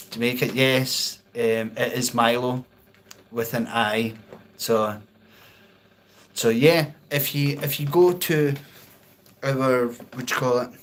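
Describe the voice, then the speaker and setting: Slow-talking Scottish man on a livestream. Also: medium pitch. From Scotland. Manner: rambling, chuckly, answers viewer comments. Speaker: livestream host. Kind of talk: casual livestream chat.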